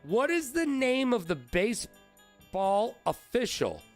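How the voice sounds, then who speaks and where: A man hosting a live-stream trivia game, excitable and profane, riffing with his chat. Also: very high voice, slow, soft background music.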